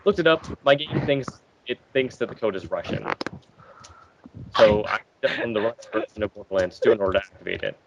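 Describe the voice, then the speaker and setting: Low-pitched male co-host, jokey rambling storyteller, lo-fi voice chat. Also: brisk, slight background noise. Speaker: podcast co-host. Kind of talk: casual group chat.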